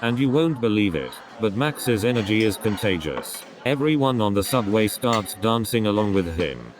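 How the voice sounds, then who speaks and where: A man's voice: on the low side, animated, moderate pace. A man doing a stand-up comedy routine, rambling through setups and repeating his catchphrases. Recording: crowd noise behind the voice.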